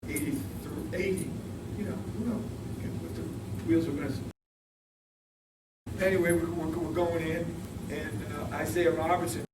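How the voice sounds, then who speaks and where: An older man in his sixties tells a lively story to a live audience, acting out what others said and laughing along. His voice sits a bit high for a man. He stands back from the mic in an echoey room, with loud ambient noise behind him. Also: moderate pace, far from the mic. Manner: animated, laughing, acts out quotes. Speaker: former player telling stories.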